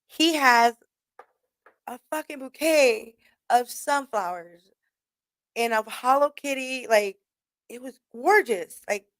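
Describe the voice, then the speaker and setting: A woman's voice: fairly high pitch, takes it slowly, pauses often, dry recording. A young woman hosting a radio show, casually telling a story with a lot of swearing and laughter. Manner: profane, laughing, animated retelling.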